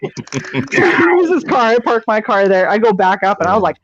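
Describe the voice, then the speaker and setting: A woman co-hosting a live stream, telling a long story in a casual, profane, animated way and acting out the people in it. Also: medium pitch, normal speed, muffled recording.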